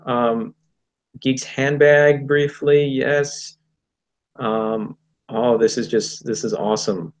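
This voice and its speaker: A man hosting a casual livestream, upbeat and pausing with "um"s as he reads out names. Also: mid-range voice, steady tone. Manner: upbeat, with many "um"s while listing names. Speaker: livestream host. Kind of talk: casual livestream chat, shout-outs.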